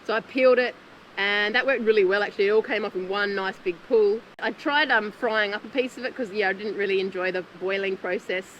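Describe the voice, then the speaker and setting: A woman's voice: medium pitch, fairly even intonation, brisk, a bit bright, dull audio, slight background noise. A woman talking through a show recap outdoors in nature, chatty and heartfelt, often laughing. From Australia. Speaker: former contestant recapping the show. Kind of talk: casual reflective recap.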